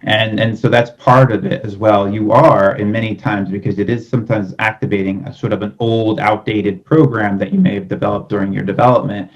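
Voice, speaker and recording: A man speaking as a guest expert on a podcast, explaining ideas calmly and at length with many softening phrases. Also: lowish voice, a little fast, few pauses, muffled recording. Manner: calm, explanatory, many "kind of" hedges. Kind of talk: podcast conversation.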